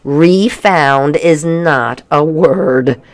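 A woman's voice: low-pitched, drawn-out words, exaggerated voice. A woman voicing an earnest, curious young boy who asks lots of questions. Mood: matter-of-fact.

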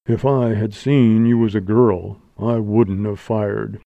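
A man voicing a menacing masked bandit in a deep, heavy voice, giving curt orders. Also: fairly even intonation, takes it slowly, vocal fry, dry recording, dull audio. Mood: commanding. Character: gruff masked male bandit, cool and menacing.

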